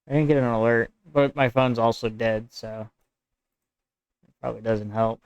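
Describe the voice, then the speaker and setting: Smooth-voiced American man reading his draft. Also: mid-range voice, level tone, moderate pace, no room sound. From United States. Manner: stops to correct his own wording while reading; rambling and conversational. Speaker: streamer and writer. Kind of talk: reading his own draft aloud and chatting with viewers.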